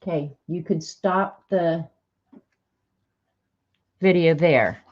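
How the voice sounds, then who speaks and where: A woman with a low-ish voice reads sassy one-liners aloud in a chatty home video, laughing a little between them. The sound is dull and lo-fi, as if from a camera or phone mic. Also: drawn-out words. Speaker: crafter sharing sayings on video. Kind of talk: casual reading of sassy sayings to camera.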